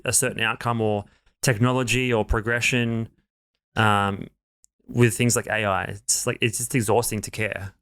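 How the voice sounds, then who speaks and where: A man's voice: lowish voice, a bit bright, clean tone. A young man co-hosting a podcast, musing in a casual, somewhat weary way and often trailing off. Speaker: podcast co-host. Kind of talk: casual chat.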